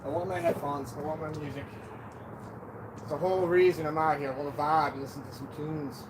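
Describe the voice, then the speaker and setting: Chatty high-voiced man streaming outdoors. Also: steady tone, brisk. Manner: chatty, joking, self-deprecating. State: out of breath at times. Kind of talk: casual live-stream chat. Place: outdoors on a backyard deck. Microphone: camera on a stand. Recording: outdoor noise behind the voice. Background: birds and wind.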